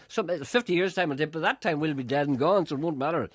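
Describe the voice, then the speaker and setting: An older man who presents a radio show. He talks with sardonic, deadpan humor and wry banter. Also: a little high, fast talker, dry recording. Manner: sardonic, deadpan, often laughing.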